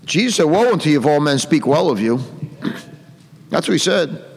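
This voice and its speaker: A man's voice: on the high side, big pitch swings, normal speed, creaky, breathy edge, long reverb tail. A man preaching a sermon, reading King James verses aloud and commenting on them with emphasis.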